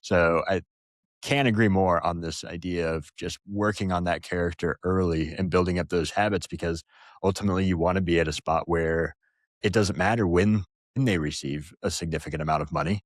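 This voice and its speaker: Deep-voiced male podcast host. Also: fairly even intonation, a little fast, no room sound, clean studio sound. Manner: thoughtful, loose phrasing with fillers. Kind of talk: interview conversation.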